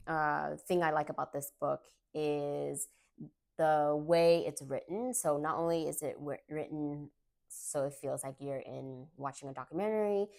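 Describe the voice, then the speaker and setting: A woman with a low-pitched voice talks to camera in a casual book review vlog. She is chatty and gushing, filling her talk with likes and ums. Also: darkish tone. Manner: chatty and gushing, with many fillers.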